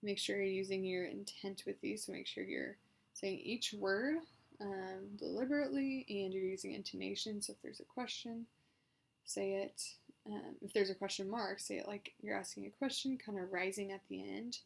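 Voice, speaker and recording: A woman who works as a speech therapist, leading a voice exercise session and giving slow, clear, deliberate instructions between loud sustained vowels. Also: medium pitch, steady tone.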